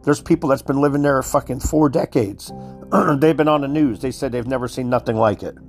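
A man's voice: medium pitch, a little fast, soft background music. A man giving a heated, profane monologue, worked up and repeating himself as he speaks to his listeners. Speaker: commentator. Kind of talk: profane conspiracy rant.

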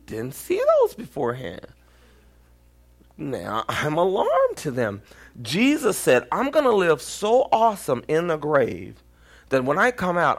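A pastor with a Texan accent preaching a storytelling sermon, acting out quoted voices and sometimes near-shouting. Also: male voice, fairly high pitch, wildly swooping pitch, unhurried, creaky.

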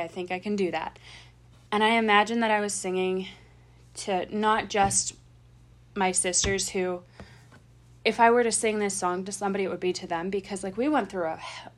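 Chatty young woman telling a story. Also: mid-range voice. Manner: excited storytelling, swearing, laughing. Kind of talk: casual chat.

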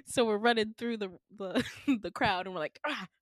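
A woman's voice: mid-range voice, normal speed, no echo, studio quality. Young woman telling a dream story. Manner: animated storytelling, acts out quoted voices, laughs often. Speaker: podcast co-host recounting a dream. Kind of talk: casual chat.

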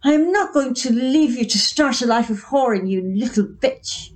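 A woman's voice: on the high side, animated, normal speed, lightly acted, poor audio. A woman reading a story, voicing a middle-aged mother who screams abuse at her daughter. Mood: contemptuous. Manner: screaming, abusive.

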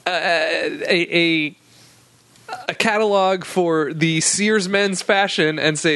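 A man in his thirties co-hosting a comedy podcast, tossing out quick deadpan quips. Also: fairly high pitch. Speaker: podcast co-host. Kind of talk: casual comedic banter.

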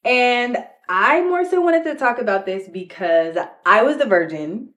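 A woman's voice: a little high, animated, a little slow, a bit bright. A young adult woman co-hosting a podcast in frank, casual chat, speaking literally and calling listeners "y'all". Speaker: podcast co-host with her husband.

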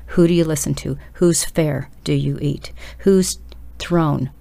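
A woman's voice: low voice, fairly even intonation, takes it slowly, creaky, dark tone. A woman preaching a sermon, urging her listeners on with emphatic, direct appeals. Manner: urgent, emphatic exhortation addressed straight to listeners.

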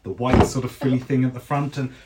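A man narrating as game master, relaxed and hesitant with many restarts. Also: mid-range voice, fast, very noisy.

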